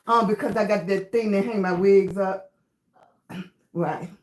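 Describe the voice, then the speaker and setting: A woman's voice: mid-range voice, steady tone, a little slow, a little mellow. A woman with a Southern US accent hosting a casual livestream chat, greeting viewers by name on her phone. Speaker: livestream host.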